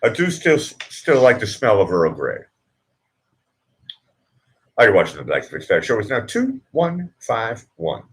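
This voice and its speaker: A man's voice: fairly low pitch, wildly swooping pitch, takes it slowly, pauses often. A middle-aged man hosting a casual live stream, chatting with viewers in a rambling, self-interrupting way and chuckling at his own jokes. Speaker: livestream host.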